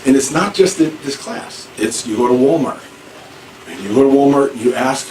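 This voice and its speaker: Distant teacher in an echoey classroom. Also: male voice, medium pitch, expressive, moderate pace, darkish tone. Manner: informal, repeats and restarts, acts out examples. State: hard of hearing. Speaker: ESL teacher. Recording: echoey room, far from mic, faint noise.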